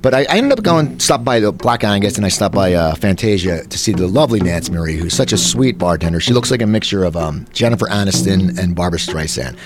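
A man's voice: low voice, animated, fast, hardly any pauses. A man in his late forties from New Jersey, hosting a casual talk show and telling stories in a rambling way with many restarts. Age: 40s. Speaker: host.

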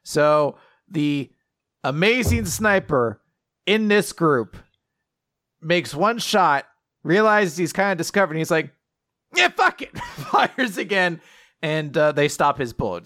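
A man's voice: fairly high pitch, fairly bright tone, no room sound, clean studio sound. A man casually recapping a manga with a co-host, sarcastic and often laughing, sometimes acting out lines. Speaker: podcast co-host.

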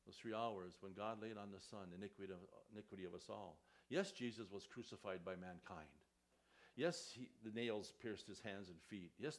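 Gravelly-voiced male pastor preaching. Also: medium pitch. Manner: reads scripture aloud with rising emphasis. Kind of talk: sermon.

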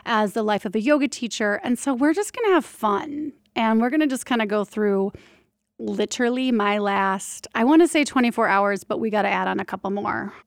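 A woman, hosting a casual solo podcast, chatty and candid with quick restarts. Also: a little high, no room sound, studio quality. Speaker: podcast host and birth doula.

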